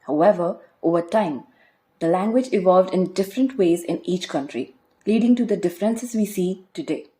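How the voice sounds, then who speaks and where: Mellow-voiced woman hosting a podcast. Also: fairly low pitch, animated, moderate pace. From India. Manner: clear, explanatory, spells words letter by letter. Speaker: podcast host. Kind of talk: scripted educational podcast.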